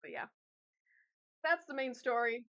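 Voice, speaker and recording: A woman's voice: on the high side, big pitch swings, a little slow, gravelly, bright, forceful tone, clear, resonant tone. Chatty young woman streamer, lo-fi. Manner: rambling, chatty, laughs often, many fillers. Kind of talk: casual chat with stream viewers. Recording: slightly dull lo-fi audio.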